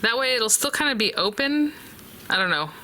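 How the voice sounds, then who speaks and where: A woman's voice: a little high, animated, normal speed, pushed and bright, slight background noise. A woman hosting a casual papercraft tutorial, chatty and thinking aloud as she talks to her viewers. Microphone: close desk mic.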